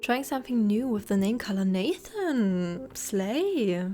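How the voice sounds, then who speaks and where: A woman's voice: medium pitch, expressive, slow. A young woman chatting casually and rambling while streaming a game. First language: German. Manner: chatty, rambling, soft asides to chat. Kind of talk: casual gameplay commentary. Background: faint game music.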